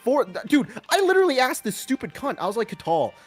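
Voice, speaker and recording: A man's voice: extremely high pitch, fast, faint music behind. A young man chatting casually with friends after a tabletop game, ranting with lots of swearing. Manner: animated ranting, heavy swearing. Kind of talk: casual post-game chat.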